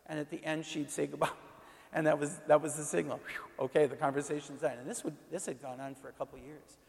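Casting note: male priest, gravelly and a touch higher-pitched, emphatic chatty teaching, long hall reverb. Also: level tone, a little fast, darkish tone. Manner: conversational, emphatic, repeats himself. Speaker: Catholic parish priest. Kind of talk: informal teaching talk.

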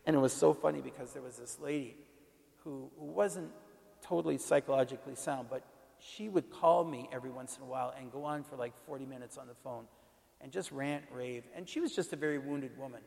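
A man's voice: fairly high pitch, expressive, a little fast, creaky, a little mellow, big-room sound. A man who is a Catholic parish priest, teaching in a conversational, emphatic way and often repeating himself. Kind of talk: informal teaching talk.

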